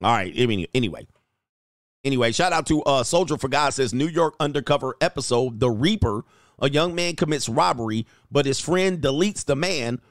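A man's voice: mid-range voice, lively intonation, normal speed, dry recording, clean studio sound. A man hosting a show, chatting casually as he reads viewer comments aloud, exclaiming and laughing often. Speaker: host and coach.

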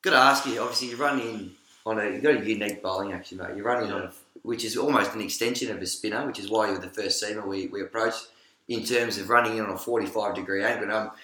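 Young Aussie male podcast host, quick bright mock-serious patter, roomy echo. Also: lowish voice. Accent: Australian. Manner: joking, mock-serious sports-presenter patter. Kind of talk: casual banter podcast.

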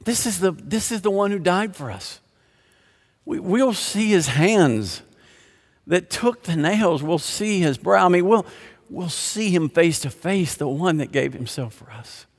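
A man's voice: sits high, expressive, measured pace. An older man preaching a sermon as pastor, impassioned and emphatic, posing rhetorical questions and answering them. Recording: long reverb of a large hall.

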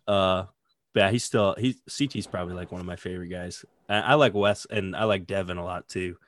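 Low-voiced man telling a rambling story. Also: fairly even intonation, brisk, no room sound, studio quality. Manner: rambling storyteller, frequent "like" fillers. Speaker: podcast co-host. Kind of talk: casual chat.

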